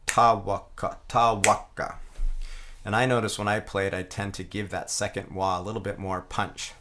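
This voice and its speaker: A man teaching a didgeridoo rhythm, calmly explaining and chanting the rhythm syllables aloud. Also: sits low, fairly quick, slight background noise. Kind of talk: explaining a playing technique.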